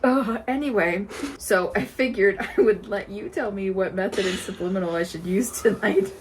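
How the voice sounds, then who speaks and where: A woman in her twenties co-hosting a podcast, chatting casually, playful and quick to laugh. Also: medium pitch, noisy background. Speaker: podcast co-host. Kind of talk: casual chat.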